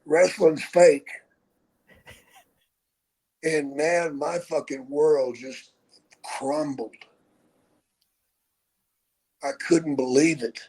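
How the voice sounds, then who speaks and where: A man in his sixties telling stories from his own life on a podcast, unhurried and swearing freely. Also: a little high, fairly even intonation, darkish tone, breathy edge, low-quality recording. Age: 60s. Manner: profane, unhurried storyteller. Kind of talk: casual storytelling.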